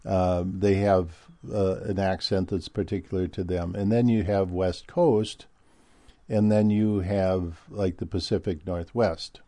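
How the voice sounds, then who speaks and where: A man's voice: deep voice, steady tone, measured pace, dark tone, no room sound. A man from Minnesota with a Midwestern American accent, talking in a rambling casual monologue with many fillers and restarts.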